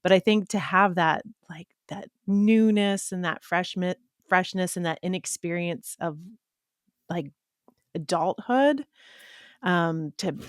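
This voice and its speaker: Slow, reflective woman co-host. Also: lowish voice, no room sound, studio quality. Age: middle-aged. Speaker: podcast co-host. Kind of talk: casual chat.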